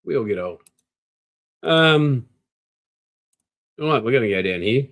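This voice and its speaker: A man's voice: mid-range voice, expressive, measured pace, a bit bright, low-quality recording. An older Australian man, tired, hosting a live stream and rambling casually while greeting viewers. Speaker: livestream host.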